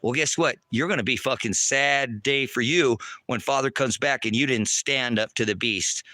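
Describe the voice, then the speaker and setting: Man, angry livestream rant, bright forceful voice, dry close sound, outdoors, taunting. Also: medium pitch, moderate pace, dry recording. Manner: furious, profane, taunting, often shouting. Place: outdoors at a rural homestead.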